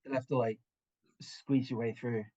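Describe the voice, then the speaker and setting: A man narrating a tabletop game as game master, halting and full of restarts. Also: medium pitch, little pitch movement, dark tone, lo-fi sound.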